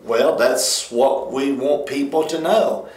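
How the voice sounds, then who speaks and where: A man's voice: slow pace, darkish tone. A man, a pastor co-hosting a church ministry talk show, speaking in an emphatic, folksy way. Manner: emphatic, folksy, rises high when mocking others. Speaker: pastor and co-host. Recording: roomy echo.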